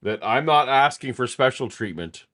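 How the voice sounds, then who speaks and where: A man's voice: medium pitch, animated, normal speed, fairly bright tone. A middle-aged man co-hosting a casual chat, telling a long self-deprecating story full of restarts. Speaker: podcast co-host.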